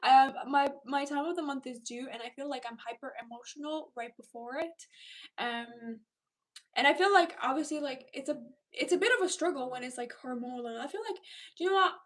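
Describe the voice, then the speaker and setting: A young woman chats with her viewers on a relaxed livestream, her voice pitched high. She rambles from thought to thought, leans on "like" as a filler and laughs often. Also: fairly quick. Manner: chatty and rambling, with many "like" fillers and frequent laughs. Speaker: livestream host. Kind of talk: casual livestream chat with viewers.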